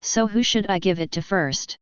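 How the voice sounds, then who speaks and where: A woman's voice: medium pitch, normal speed, clear, resonant tone, no room sound, natural voice. A woman voicing a cocky young male wizard who coaxes and commands a monster in an audiobook. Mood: commanding. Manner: commanding, coaxing. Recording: dry, slightly dull lo-fi.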